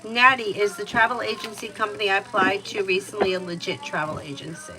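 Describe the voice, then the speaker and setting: A woman's voice: medium pitch, fairly even intonation, brisk, music in the background, low-quality recording. A woman doing live-stream tarot readings, reading out viewers' questions and answering them plainly. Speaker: tarot reader.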